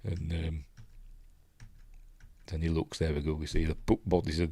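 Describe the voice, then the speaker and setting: This Yorkshire man reviews a film one scene at a time, wandering off track, interrupting himself, and mimicking characters' lines in silly voices. He has a rumbling low, slightly rough, dark voice, delivered completely flat at a moderate pace with frequent pauses, recorded in a studio with no echo.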